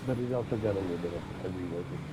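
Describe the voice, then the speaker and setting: A man's voice: deep voice, racing, very noisy. A man streaming a racing game, telling crude stories in a rambling, laughing way. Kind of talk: casual storytelling while gaming.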